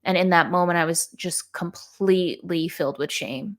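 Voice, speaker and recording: A woman's voice: on the low side, normal speed. A woman in casual podcast conversation, sharing a personal story in a candid, reflective way.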